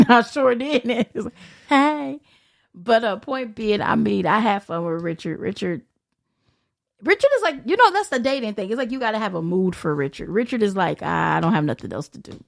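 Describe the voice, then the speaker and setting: A woman in a casual podcast chat, swearing freely and acting out the people in her stories. Her voice is on the high side and swings all over the place. It has a gravelly edge, and she breaks into laughter often. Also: animated, fairly quick. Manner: blunt, profane storyteller who laughs often; acts out others' lines in quotes. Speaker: podcast guest.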